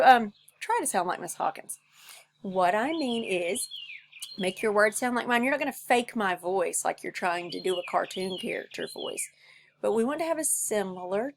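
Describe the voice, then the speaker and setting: A woman's voice: medium pitch, expressive, normal speed, slight background noise. A woman music teacher giving a recorded lesson for children, patient and encouraging, who shows each step by singing it herself. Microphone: recorded at home for a video lesson.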